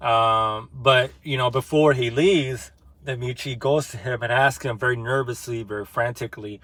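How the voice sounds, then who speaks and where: A man's voice: mid-range voice, steady tone, normal speed, a bit bright, dry recording. Young male vlogger, mid-range voice, loose slangy retelling of a novel with plenty of fillers; dry close mic. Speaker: book discussion vlogger. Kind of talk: casual book chat retelling a novel.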